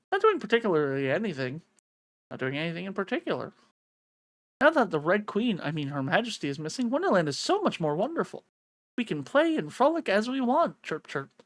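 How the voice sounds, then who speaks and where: A woman's voice: on the low side, no room sound. A woman voicing a timid little talking bird that repeats itself and chirps between phrases.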